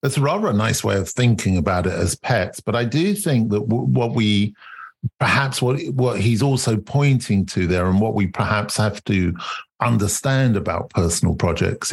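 A man's voice: on the low side, slightly rough. A man hosting a podcast, talking in a thoughtful, reflective way in a casual conversation. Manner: thoughtful, reflective, mild restarts. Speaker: podcast host.

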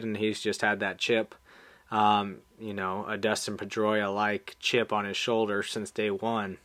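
A man's voice: fairly low pitch, no room sound. A man hosting a podcast in a studio, talking casually and laughing easily. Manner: relaxed, laughs easily, uses fillers. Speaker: podcast host. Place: small studio.

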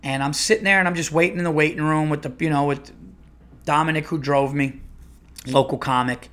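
A man's voice: on the high side, fairly even intonation, fairly quick, a bit bright. A man, a comedian and podcast host, telling a rambling, profane story with many restarts. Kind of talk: casual storytelling monologue.

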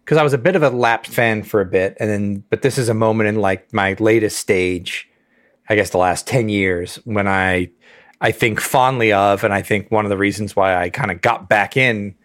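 A man with a lowish voice co-hosting a casual podcast, relaxed and reflective. The sound is dry and close. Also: normal speed, dry recording. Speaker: podcast co-host. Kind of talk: casual chat.

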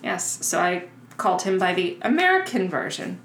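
A woman co-hosting a podcast in casual chat, a little tipsy, playful and quick to laugh. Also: fairly low pitch, very animated, a bit bright. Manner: chatty, laughs often, playful. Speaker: podcast co-host. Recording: roomy echo, faint background noise.

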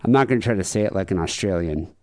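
A man's voice: sits low, animated, rapid-fire, warm tone, no room sound. A man hosting a podcast, chatting casually and reading out case notes with wry, dry commentary. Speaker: podcast host.

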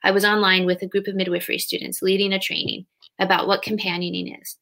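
Quick and medium-pitched, a woman in her thirties talks as an interview guest about her work training grief companions. Earnest and reflective in the conversation, she livens up while acting out the roles of parents and children.

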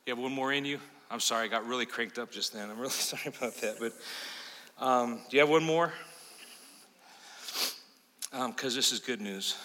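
Impassioned preacher man in a reverberant sanctuary. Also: medium pitch. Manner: impassioned preaching, swinging between loud urgent peaks and quiet asides. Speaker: pastor. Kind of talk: sermon. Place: church sanctuary. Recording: long hall reverb of a church sanctuary.

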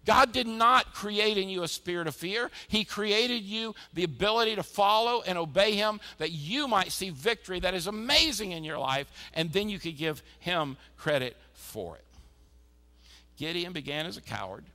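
A male pastor preaching a sermon, emphatic and energetic, often repeating his points. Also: high voice, normal speed. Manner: energetic, emphatic exhortation with repetition.

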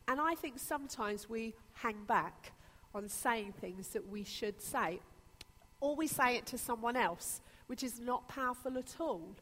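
A woman's voice: on the high side, animated, moderate pace, fairly bright tone. A woman pastor preaching a sermon with earnest, repetitive emphasis. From Britain. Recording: long reverb of a church hall.

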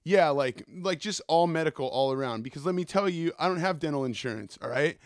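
A man hosts his own podcast, spinning loose, cussing stories in an easygoing monologue. His voice sits a little high. The sound is dry and close, with no room around it. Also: expressive, fairly quick, no echo. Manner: profane, rambling storyteller. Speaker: podcast host. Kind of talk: casual solo podcast monologue.

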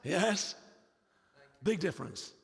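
A man's voice: sits high, big pitch swings, slow pace, vocal fry, big-room sound. A man preaching a sermon in a church, emphatic and repetitive, with frequent rhetorical questions.

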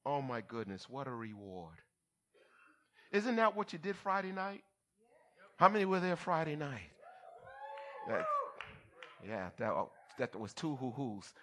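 A pastor with a slightly high, fairly bright voice preaches a sermon in call-and-response style. He checks in with the congregation and teases them with playful asides.

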